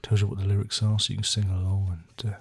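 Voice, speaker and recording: Rambling man, low husky voice. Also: flat delivery, fast. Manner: rambling, self-mocking, dry jokes. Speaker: album reviewer. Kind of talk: casual chat.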